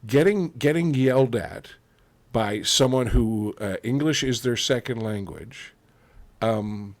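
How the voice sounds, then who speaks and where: A man's voice: medium pitch, slow, no room sound. A Canadian man co-hosting a podcast in a casual, blunt and opinionated chat, swearing freely. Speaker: podcast co-host.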